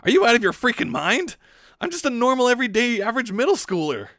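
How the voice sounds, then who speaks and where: A man doing a shrill, jumpy teenage boy. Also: sing-song, a little slow, a bit bright, no echo, studio quality. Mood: panicked. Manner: high, shrill and panicky. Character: anxious teenage boy pilot, jumpy and self-doubting.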